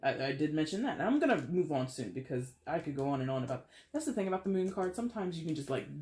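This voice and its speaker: A tarot reader talks through a reading in a loose, chatty way, playing things up for effect. The voice sits in a middle pitch, and the room leaves a clear echo on every word. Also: animated, fast talker, hardly any pauses, a little mellow. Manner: chatty and playful, with dramatic exaggeration. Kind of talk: casual tarot reading monologue. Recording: roomy echo.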